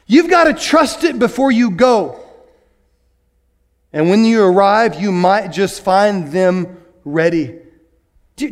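Animated high-voiced preacher. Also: male voice. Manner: animated, swings from hushed to excited and fast. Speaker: pastor. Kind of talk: sermon.

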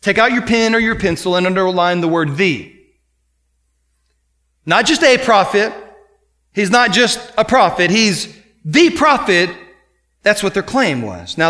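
A man delivers a sermon in a high-pitched voice. His tone is bright and forceful. He swings between loud, emphatic exhortation and quieter, explanatory passages. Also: expressive, moderate pace. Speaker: pastor.

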